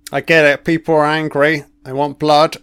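A man's voice: a little high, little pitch movement, normal speed, fairly bright tone, clear, resonant tone, no echo. A man giving casual reaction commentary over an old broadcast, blunt and heavy on swearing, thinking aloud as he goes.

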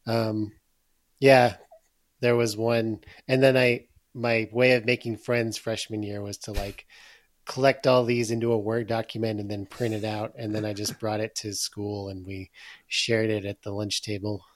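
A man's voice: lowish voice, little pitch movement, measured pace, no room sound. Dry-humored podcast co-host, man. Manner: self-deprecating, dry humor. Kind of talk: casual chat.

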